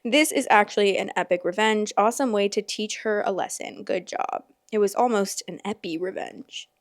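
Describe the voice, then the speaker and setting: A woman's voice: medium pitch, moderate pace, no echo. Chatty woman on a dry close mic. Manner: chatty, filler-heavy, exclamatory. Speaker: podcast host reading stories. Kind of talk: casual chat and reading aloud.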